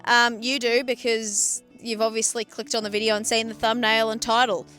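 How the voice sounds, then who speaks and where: A woman's voice: a little high, little pitch movement, moderate pace, bright, forceful tone, faint music behind. A woman with an Australian accent, a farmer vlogging outdoors on her sheep farm into a phone, talking bluntly with lots of swearing and sarcasm. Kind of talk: casual vlog chat.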